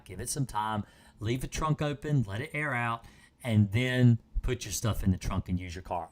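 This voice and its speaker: A tired man hosting a live stream, explaining step by step how to treat a car, speaking plainly and repeating his points. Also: medium pitch. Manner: plain, instructive, repeats himself. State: tired, hiccups. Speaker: pest control host.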